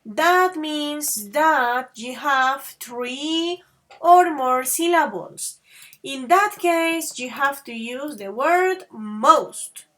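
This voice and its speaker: A woman's voice: high-pitched, animated, extremely slow, fairly bright tone. A woman teaching an online English grammar lesson, patient and affectionate, calling students babies and dears and switching into to explain.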